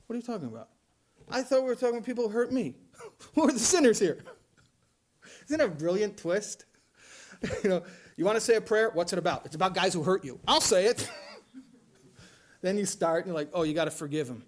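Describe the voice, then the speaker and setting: A man delivering a sermon as a religious teacher, talking in an animated way and often laughing as he speaks. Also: high voice, a little fast, pauses often.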